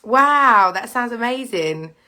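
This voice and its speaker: A woman's voice: on the high side, animated, slow, pushed and bright. A woman hosting a casual live stream from home, chatting bubbly and straight to her viewers over a video call. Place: home living room with piano and candles.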